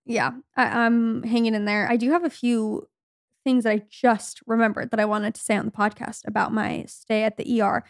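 A woman's voice: a little high, moderate pace, no room sound, clean studio sound. A woman in her twenties co-hosting a podcast, telling stories in a chatty way and acting out the people she quotes. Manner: chatty storytelling, quoting people in a lively voice. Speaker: podcast co-host. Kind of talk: casual chat.

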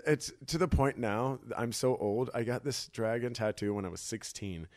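A man's voice: mid-range voice, normal speed, darkish tone. A young man guesting on a podcast, chatting casually with a playful, self-mocking sense of humor. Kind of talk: casual chat.

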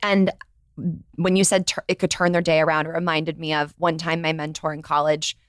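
A woman hosting a podcast interview, relaxed and reflective, asking long questions. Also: low voice, brisk, clean tone, dry recording, clean studio sound. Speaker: podcast host. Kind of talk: casual interview chat.

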